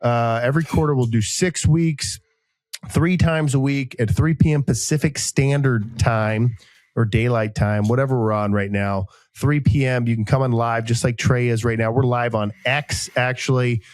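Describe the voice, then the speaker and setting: A man in his thirties hosts a casual podcast and drifts between jokes, deadpan asides and sponsor reads. His pitch sits in the middle of the male range. The sound is dry and close, with no room echo. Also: normal speed. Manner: joking, rambling, deadpan asides. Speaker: podcast host.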